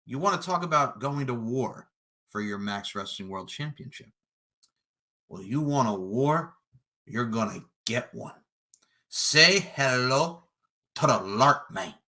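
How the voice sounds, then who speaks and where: A man cutting a fantasy wrestling promo as a podcast guest, cocky and taunting, swinging between low menace and loud boasts. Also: lively intonation, takes it slowly, long pauses.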